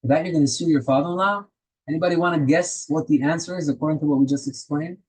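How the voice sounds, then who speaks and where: A man with a slightly high, husky voice teaches a Torah class. He tells stories, poses rhetorical questions to his listeners and slips Hebrew terms into his English. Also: quick pace, darkish tone, rough recording.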